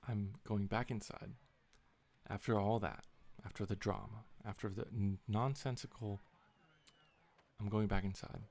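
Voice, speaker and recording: A man's voice: lowish voice, fairly even intonation, a little slow, creaky, darkish tone. A young man in a casual, rambling vlog, retelling a story in an exasperated tone with lots of swearing. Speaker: vlogger.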